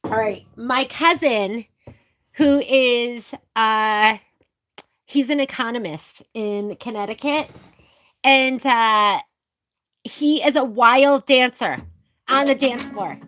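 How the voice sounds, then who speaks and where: A woman's voice: a little high, slow, long pauses, fairly bright tone, a little hiss or hum. A middle-aged woman hosting a sewing tutorial vlog, chatting away with rambling, gushing stories full of fillers. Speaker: sewing shop video host. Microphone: camera on a filming arm.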